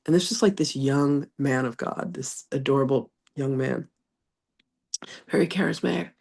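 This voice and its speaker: A woman's voice: a bass voice, moderate pace, creaky, husky. A congested woman, a reverend and psychic medium, chatting through stories and reading a spiritual lesson. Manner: chatty, animated anecdotes with frequent laughter. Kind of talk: casual storytelling, then reading a channeled message.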